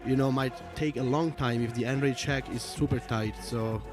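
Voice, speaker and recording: Over music, an Italian man with a strong accent co-commentates an esports livestream at a moderate pace. His voice is medium-pitched and steady, and he explains things casually and at length, full of fillers.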